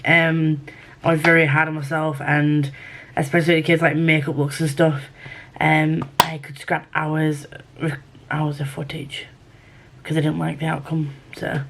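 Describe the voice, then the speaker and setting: A woman with a Yorkshire accent chatting casually in a book vlog, rambling and correcting herself as she goes. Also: low voice. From Yorkshire, England. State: feeling unwell. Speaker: book vlogger.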